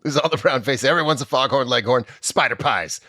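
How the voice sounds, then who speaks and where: A man's voice: mid-range voice, brisk, dry recording, studio quality. A man on a comedy podcast, riffing sarcastically and swearing as he mocks a TV episode. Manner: animated, sarcastic, profane.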